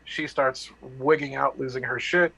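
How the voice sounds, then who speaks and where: A man's voice: mid-range voice, fairly even intonation, vocal fry, sharp tone, slightly rough, poor audio. A man candidly telling a personal story, blunt and profane, acting out the dialogue and restarting his sentences. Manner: halting with restarts and fillers.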